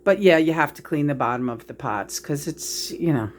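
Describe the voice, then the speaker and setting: A woman's voice: low-pitched, lively intonation, normal speed, a little hiss or hum, voice pushed down. A woman channeling an older mother-in-law's ghost. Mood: soothing. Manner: soothing, fussy kitchen advice. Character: older female ghost, fussing mother-in-law.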